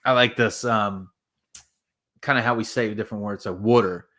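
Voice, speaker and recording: A man's voice: fairly low pitch, fairly even intonation, normal speed, sharp tone. A man with an eastern Pennsylvania accent, co-hosting a casual whiskey chat, easygoing and agreeable. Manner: easygoing, agreeable, calls his friend buddy. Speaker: co-host.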